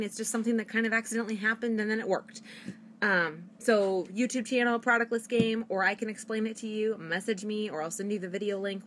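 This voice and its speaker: Young woman, direct sales pitch on a live stream, fast and gushing, slightly high voice, faint hum behind. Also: a bit bright. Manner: fast-talking, gushing, enthusiastic. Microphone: phone or webcam.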